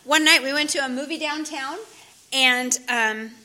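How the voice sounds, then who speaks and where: Bright-voiced woman sharing her story. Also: high-pitched, measured pace. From California. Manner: conversational, with fillers and restarts. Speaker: speaker sharing recovery story. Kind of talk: personal testimony to a group.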